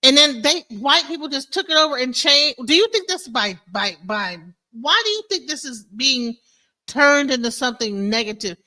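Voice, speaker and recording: High, bright-voiced woman streamer. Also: moderate pace. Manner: animated, incredulous, talks to viewers as "bro" and "y'all". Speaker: stream host. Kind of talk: casual reaction commentary.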